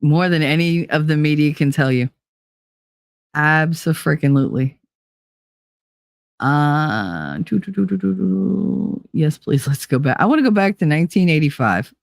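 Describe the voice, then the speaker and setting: New woman, casual podcast host, blunt and profane, lowish voice, dry close mic. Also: unhurried, creaky, dry recording. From New Jersey. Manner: blunt, profane storytelling with animated impressions. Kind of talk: casual chat.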